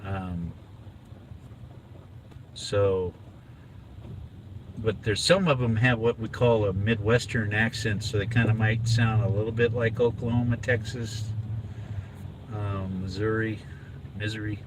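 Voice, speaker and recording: A man's voice: on the low side, steady tone, unhurried, long pauses, noisy background. A middle-aged man from inland California, rambling casually with lots of fillers while driving with his son. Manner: rambling, chatty, with many fillers. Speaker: father, vlog host. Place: inside a car on a drive.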